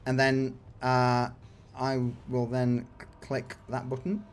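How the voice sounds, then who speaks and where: Slow-narrating man running a tabletop game. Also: medium pitch, completely flat delivery, a little hiss or hum. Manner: slow, unhurried narration with frequent laughs. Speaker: game master.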